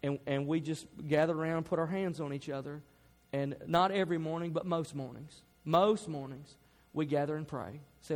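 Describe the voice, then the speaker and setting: A man preaching a sermon as pastor, building to loud emphatic peaks and dropping to soft, quiet passages. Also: a little high, moderate pace. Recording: long hall reverb.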